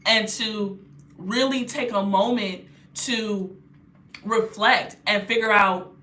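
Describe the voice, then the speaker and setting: A woman's voice: medium pitch, fairly even intonation, slow, pushed and bright. A young woman spiritual healer giving a casual motivational talk, blunt and slangy, often checking in with the viewer. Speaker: spiritual healer and astrology reader.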